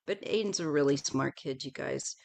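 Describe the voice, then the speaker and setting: A middle-aged woman hosting a tarot livestream, chatting casually in a rambling way and often trailing off softly. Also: rumbling low, moderate pace, vocal fry.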